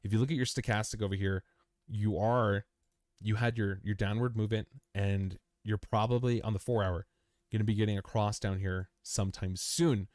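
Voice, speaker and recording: This young man's voice sits on the low side, darkish and steady, at a normal pace, captured in studio quality with no room sound. Hosting a crypto chart analysis stream, he chats through price charts, repeats phrases, and calls the chart "you." Listeners get "man," "dude," and "bro."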